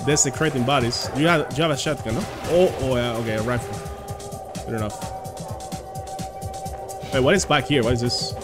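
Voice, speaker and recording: Man, game streamer, casual live commentary, swears a lot, loud game music behind. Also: mid-range voice, moderate pace, long pauses. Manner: excitable, swears freely, laughs. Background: game music and gunfire.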